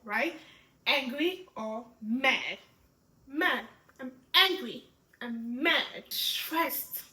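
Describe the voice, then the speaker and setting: A pregnant woman teaching a sign language lesson in an expressive way, often checking in with "right?". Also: sits high, roomy sound, poor audio. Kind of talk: instructional lesson.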